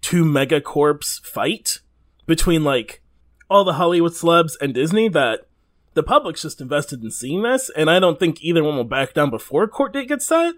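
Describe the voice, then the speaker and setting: A man co-hosts a podcast in loose, rambling chat, cursing freely and laughing along the way. His voice sits on the higher side for a man and swings widely in pitch. He talks in an easygoing, everyday manner. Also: big pitch swings, normal speed. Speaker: podcast co-host. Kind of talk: casual chat.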